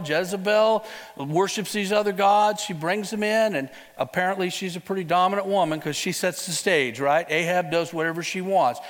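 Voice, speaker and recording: High-voiced man preaching in a reverberant hall. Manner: lively storytelling with rhetorical questions to the listeners; casual, conversational phrasing. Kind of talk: sermon retelling a Bible story.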